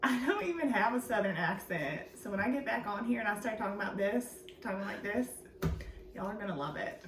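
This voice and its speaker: A woman's voice: mid-range voice, animated, quick pace, a crowd in the background. A woman chatting casually to her vlog audience, laughing easily and saying "like" and "y'all" often. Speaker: vlogger. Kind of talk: casual family vlog chat. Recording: echoey room from a distance.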